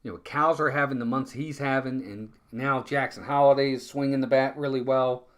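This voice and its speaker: A man's voice: medium pitch, fairly even intonation, moderate pace. A man calling live baseball play-by-play in a casual, chatty way, often repeating words and talking to his viewers. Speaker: fan play-by-play streamer.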